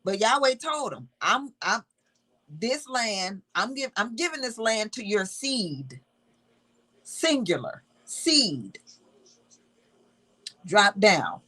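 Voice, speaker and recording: A woman's voice: medium pitch, sing-song, slow, long pauses, bright, forceful tone, low-quality recording. A woman teaching from the Bible in a casual, emphatic way, reading verses aloud and repeating key words.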